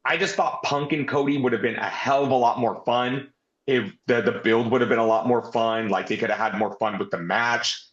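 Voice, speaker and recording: A man's voice: medium pitch, steady tone, a little fast, a bit bright. A man co-hosting a casual wrestling review, talking animatedly and swearing often. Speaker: podcast co-host. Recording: roomy, dull lo-fi sound.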